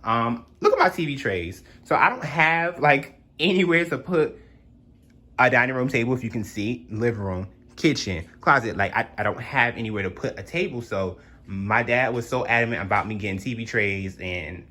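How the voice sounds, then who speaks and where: A man's voice: medium pitch, expressive, moderate pace, sharp tone. Young man, sassy and chatty, drawling slang asides, casual home tour, handheld phone in a small apartment. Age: young adult. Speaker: vlogger giving a home tour.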